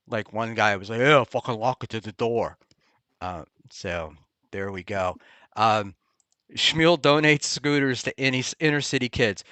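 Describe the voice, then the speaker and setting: A man hosting a casual talk show, rambling and halting with many ums and restarts. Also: fairly low pitch, fairly bright tone, clear, resonant tone, dry recording. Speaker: podcast host. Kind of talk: casual chat. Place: Hoboken area, New Jersey.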